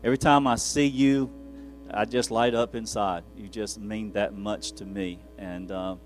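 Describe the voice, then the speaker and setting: A man's voice: lowish voice, steady tone, a little slow, soft background music. A man preaching as a pastor, telling rambling, self-deprecating stories from the pulpit with frequent chuckles. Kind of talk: folksy storytelling from the pulpit.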